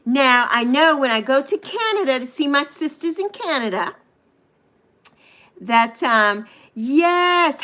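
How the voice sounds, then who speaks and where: Middle-aged American woman, live-stream host, chatty and loose, bright higher voice, frequent laughter. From United States. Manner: chatty, laughs often, swears casually. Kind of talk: casual live chat with viewers.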